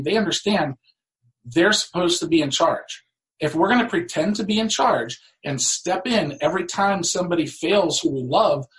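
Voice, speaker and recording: A man telling stories as a guest author in a talk show, animated and acting out the people he quotes. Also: sits high, poor audio. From United States. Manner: animated, acts out quoted voices.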